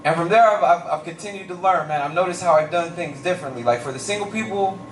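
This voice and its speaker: A young man with a fairly high voice tells stories animatedly on a comedy stage and keeps slipping into voices. He sounds roomy and far from the mic, and a faint hum of the venue sits behind him. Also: fast talker. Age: young adult. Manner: animated storytelling with lots of voices and shouts. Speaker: stand-up comedian. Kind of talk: stand-up comedy set.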